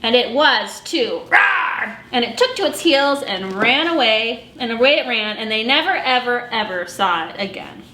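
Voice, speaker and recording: A woman children's librarian reading a picture book aloud at storytime in an animated, expressive way. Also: a little high, normal speed, few pauses. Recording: echoey room with faint noise.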